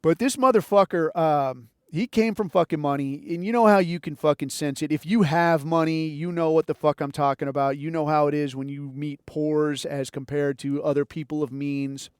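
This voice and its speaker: A man's voice: a little high, moderate pace, few pauses, darkish tone, clear, resonant tone, dry recording, studio quality. A middle-aged man hosting a podcast, telling rambling, profane stories and swearing constantly. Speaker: podcast host. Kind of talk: casual storytelling monologue.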